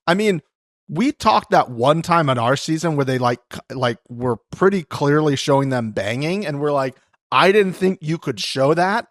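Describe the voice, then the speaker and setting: Lively man on a dry mic. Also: on the high side, normal speed, dry recording. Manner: animated, acts out quotes with shouting and cursing. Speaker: podcast co-host. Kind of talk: casual chat.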